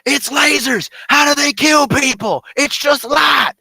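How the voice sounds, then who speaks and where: A man's voice: very high-pitched, unhurried, gravelly, pushed and bright, dry recording, voice pushed up, exaggerated voice. A man voicing a dim-witted male gun maker in a video game, screaming at the top of his lungs.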